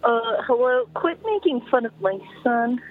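A man's voice: very high-pitched, sing-song, normal speed, faint music behind. An indignant mother scolds down a tinny phone line, as a male caller puts her on. Her voice swoops up and down as she insists her son be respected.

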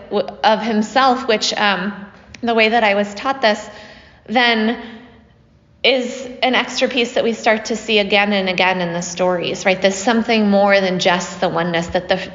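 A woman retells a myth to a group in a relaxed, conversational way, checking in with her listeners as she goes. Her voice sits at an ordinary pitch for a woman. A long hall reverb trails her words on a slightly muffled, lo-fi recording. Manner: conversational, often asks "right?" with fillers. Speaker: storyteller teaching a group. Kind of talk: casual spoken retelling of a myth.

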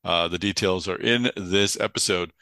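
A man with a Boston accent hosts a podcast in a loose, chatty manner, full of filler uhs. His voice is bright, crisp and a touch low, and he sounds tired. The sound is very dry and close. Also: normal speed, no echo. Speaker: podcast host. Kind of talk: casual podcast intro and interview.

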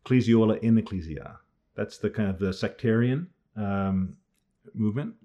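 A man's voice: fairly low pitch, normal speed, dark tone, highs cut off. Man teaching a church class. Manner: thinks aloud with frequent restarts. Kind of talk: conversational class lecture.

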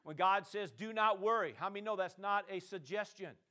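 A man preaching a sermon, calling on the congregation to answer and swinging between loud declarations and quiet asides. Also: high-pitched, a little fast. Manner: call-and-response preaching, swings from loud to soft. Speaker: pastor.

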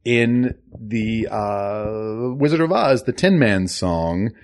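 A man's voice: lowish voice, expressive, slow. A man hosting a casual comedy podcast, chuckling and telling rambling trivia. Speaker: podcast host.

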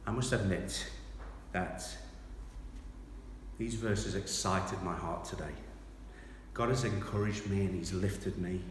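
A man preaching a sermon, reading scripture aloud with loud dramatic emphasis and then dropping to quiet reflection. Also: sits low, takes it slowly, long pauses, a little hiss or hum. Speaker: pastor. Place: large church hall. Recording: echoey hall from far off.

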